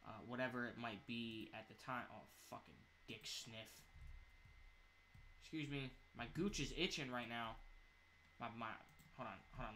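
Excitable, profane man gaming. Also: medium pitch, a little hiss or hum. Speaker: gamer. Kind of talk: gameplay commentary.

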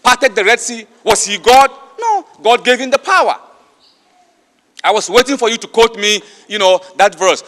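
A man with a high, bright and forceful voice delivers an emphatic debate speech. He fires off rhetorical questions, and his words ring with long reverb from a large hall. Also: animated, moderate pace.

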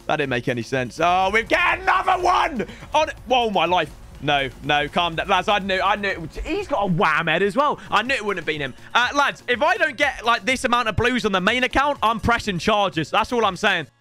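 A young man giving chatty, rambling commentary while opening game packs, bursting into shouts at good pulls. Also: sits high, lively intonation, fairly quick, soft background music. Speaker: gaming YouTuber. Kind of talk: excited pack-opening commentary.

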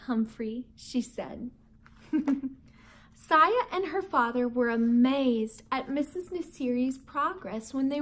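A woman teacher reading a children's book aloud to a class with expressive, animated storytelling. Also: high voice.

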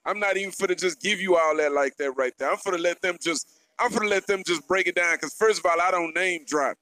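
A man's voice: high voice, quick pace, sharp tone, no room sound. Hyped man hosting a radio interview. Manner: slangy, hyped, repetitive. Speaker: radio show host. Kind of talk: hype interview intro. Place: music festival venue.

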